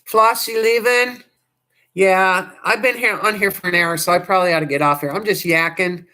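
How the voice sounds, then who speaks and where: A woman hosts a casual livestream, chatting to viewers in a loose, rambling way. Her voice sounds hoarse, and her sentences often trail off and restart. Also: fairly low pitch, fairly even intonation, normal speed, pushed and bright. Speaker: livestream host.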